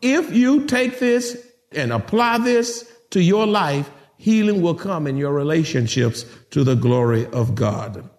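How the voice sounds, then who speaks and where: A middle-aged man preaching a sermon as pastor, talking straight to his congregation in an animated, joking, conversational way. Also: fairly high pitch, a little slow.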